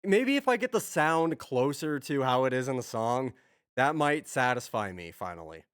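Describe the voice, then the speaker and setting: Male streamer, mid-pitched, muttering self-talk at his desk, thoughts trail off and restart. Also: sing-song, normal speed, clean tone. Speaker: streamer writing music. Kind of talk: casual thinking aloud while working.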